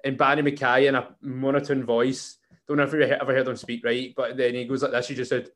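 A man's voice: medium pitch, flat delivery, fast, a bit bright. A man hosts a casual football podcast. He rambles along, restarting sentences and filling gaps with ums and likes. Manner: rambling, with frequent fillers and restarts. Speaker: podcast host.

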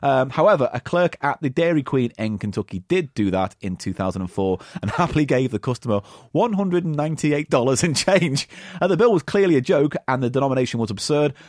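Male co-host, lively pitch, dry close sound, sweary comic banter. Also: a little fast, no room sound. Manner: animated, laughs often, sweary. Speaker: podcast co-host and radio producer. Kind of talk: comedic banter, reading out facts.

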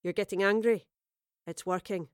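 A woman's voice: mid-range voice, steady tone, normal speed, smooth, no room sound, clean studio sound, close to an everyday voice. A woman voicing a stern female commander who scolds in a clipped, firm, dryly severe way.

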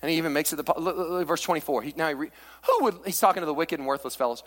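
A male pastor preaching a sermon in a church sanctuary, swinging from hushed asides to fervent near-shouts. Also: fairly high pitch, rapid-fire. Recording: long reverb of a large church hall.

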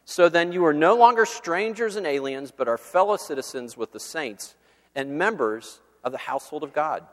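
A male campus minister giving a sermon with a measured, earnest delivery, reading scripture and praying. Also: on the high side, lively intonation. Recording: long hall reverb.

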